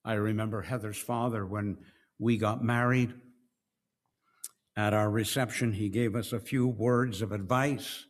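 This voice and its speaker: A middle-aged man preaching a sermon, slow and deliberate, swinging between hushed and raised passages. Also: fairly low pitch, steady tone. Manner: slow, with dramatic swings between soft and loud.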